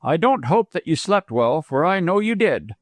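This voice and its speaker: A man voicing a polite, proper young gentleman who speaks formally. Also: on the high side, big pitch swings, normal speed, dry recording, pitched above the performer's own voice. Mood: courteous. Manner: formal and courteous.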